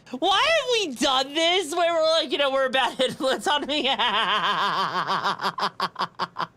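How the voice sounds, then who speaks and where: Young woman streamer, super high bright voice, goes all over the place, giggles at chat. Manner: giggly, animated, reads and answers chat. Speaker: VTuber streamer. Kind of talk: casual live-stream chat.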